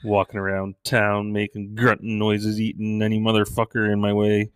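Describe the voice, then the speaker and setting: A middle-aged man with a somewhat low voice tells crude, joking stories in a loose, casual way. He jumps into high, shouted voices for the people he quotes. The recording is very dry and close. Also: monotone, normal speed, smooth, no echo. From Canada. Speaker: stand-up comedian. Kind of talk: casual comedic storytelling.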